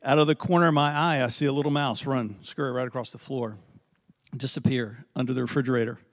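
A middle-aged male pastor telling a story in a sermon, animated and conversational, often asking his audience "right?". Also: medium pitch, quick pace. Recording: long hall reverb.

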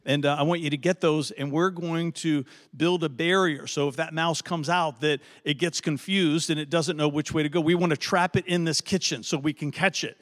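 Middle-aged pastor, high voice, hall echo. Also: male voice, normal speed, few pauses. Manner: animated, conversational, asks "right?" often. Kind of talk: storytelling sermon. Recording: long hall reverb.

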